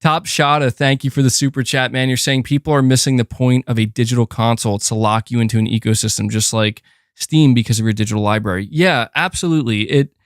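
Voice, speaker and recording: A fast-talking man with a steady, medium-pitched voice hosts a casual gaming livestream on a dry recording. He speaks close to a desk mic, chatting loosely and often pausing to coax his cat.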